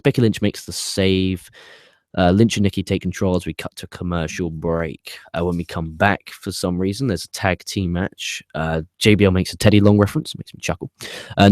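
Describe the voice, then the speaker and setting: A man with a deep, low voice hosts a casual review, ranting opinionatedly and swearing as he wanders off on tangents. The recording is dry and close, with no room sound. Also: darkish tone, no echo. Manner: rambling with tangents and restarts. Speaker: wrestling show reviewer, host.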